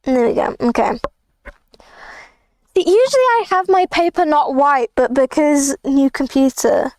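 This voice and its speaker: Woman streamer, playful rambler, high-pitched, dry close recording. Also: expressive, a little slow, darkish tone, no room sound. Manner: rambling, playful, jokey asides. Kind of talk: casual livestream chat while drawing.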